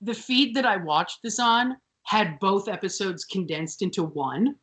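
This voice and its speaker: A woman co-hosting a casual TV recap podcast, animated and sweary, often mimicking characters. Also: medium pitch, a little slow. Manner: animated, sweary, mocking voices. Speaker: podcast co-host.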